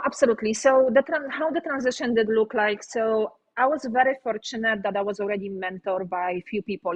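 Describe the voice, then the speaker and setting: A woman's voice: mid-range voice, lo-fi sound. Polish-accented woman telling stories. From Poland. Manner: animated storyteller, frequent fillers. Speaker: interview guest. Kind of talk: casual interview storytelling.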